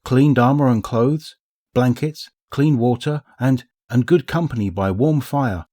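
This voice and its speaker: A desperate, frightened villager begs in broken English, his thick accent colouring every halting phrase as a man voices him. The voice is raised and anxious above the reader's usual low tone. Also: dark tone, natural voice. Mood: pleading. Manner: pleading, halting.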